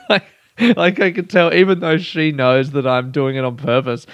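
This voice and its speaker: A man's voice: on the high side, moderate pace, no room sound, clean studio sound. A young man hosting a solo podcast, rambling candidly, swearing freely and laughing at himself. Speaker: podcast host.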